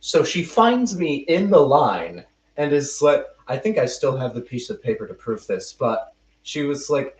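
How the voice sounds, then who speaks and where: A man's voice: mid-range voice, very animated, a little slow. Rambling young man telling a story, roomy. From United States. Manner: rambling, self-mocking, restarts mid-sentence. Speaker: podcast host. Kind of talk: casual storytelling chat. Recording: roomy, distant and muffled mic.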